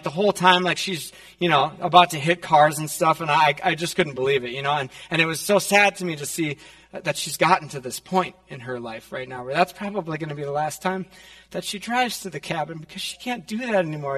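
A man's voice: a little high, a little fast, fairly bright tone, in a large hall. A male pastor preaching casually, telling a personal story with many fillers, in a church. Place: church sanctuary.

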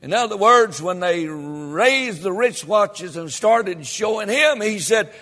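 A man preaching a sermon as pastor, reading scripture and building emphatically to loud peaks. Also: sits high, animated, a little slow, few pauses. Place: church sanctuary. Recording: long hall reverb.

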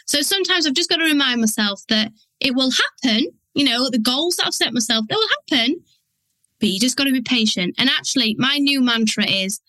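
A woman hosts a podcast on her own, speaking candidly and frankly and acting out her inner voice in quoted asides. Her voice is fairly high with a sharp tone, recorded with no echo but poor audio quality.

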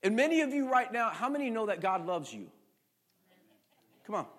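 A middle-aged male pastor preaching a sermon, swinging from shouting to near-quiet storytelling and calling on the congregation with questions. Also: high voice, very animated, moderate pace.

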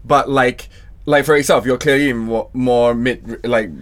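A man hosting a casual podcast who asks curious questions about singing, with a speaking voice he calls lower, more comfortable in baritone. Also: steady tone, a little slow. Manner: curious questioning, says he prefers the baritone range. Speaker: podcast host.

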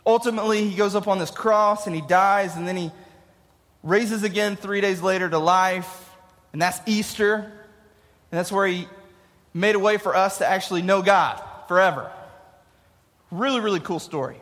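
Guy in his 30s giving a youth sermon, kinda high voice, jokey, lots of echo. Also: normal speed, long pauses, fairly bright tone. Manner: casual and joking, asks the crowd questions. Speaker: youth pastor. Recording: long hall reverb.

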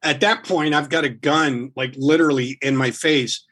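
A man with a husky, slightly raspy voice sitting a touch higher than most men. He tells a story in an animated, rambling way, full of restarts and casual swearing. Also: moderate pace. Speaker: guest musician.

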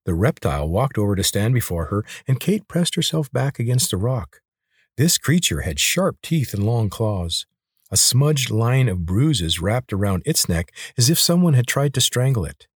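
A man with a husky voice narrating a novel in steady, measured storytelling. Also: mid-range voice, no room sound, studio quality. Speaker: audiobook narrator.

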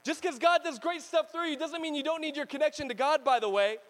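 A male pastor preaching a sermon in an animated way, swinging between loud bursts and hushed stretches and laughing often. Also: extremely high pitch, fast talker, poor audio.

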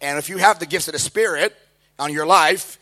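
A middle-aged preacher tells his testimony in an animated way, slipping into the voices of the people in his story. His voice sits a little high for a man, and he swings from quiet asides to loud, excited peaks. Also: fairly quick. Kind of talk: sermon testimony.

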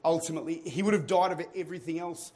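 A male pastor delivers a sermon in a church. His voice sits fairly high for a man. He moves from calm, hushed passages to booming, shouted exhortation. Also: quick pace. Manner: builds from quiet teaching to shouted preaching. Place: church auditorium.

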